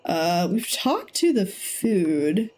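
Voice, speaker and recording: A woman's voice: on the low side, big pitch swings, extremely slow, noisy background. A young woman giving chatty, thinking-aloud commentary while playing a game. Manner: chatty, giggly, thinking aloud with many ums. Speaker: let's-play streamer. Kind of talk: casual gameplay commentary. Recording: game music in the background.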